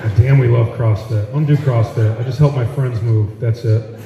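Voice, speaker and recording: Brash comedian in an echoey hall. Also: male voice, mid-range voice, fairly even intonation, moderate pace, gravelly, far from the mic, lo-fi sound, heavy background noise. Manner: brash, profane, punchy delivery. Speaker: stand-up comedian. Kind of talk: stand-up comedy set. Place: large auditorium with audience. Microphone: phone recording from the audience area. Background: audience laughter.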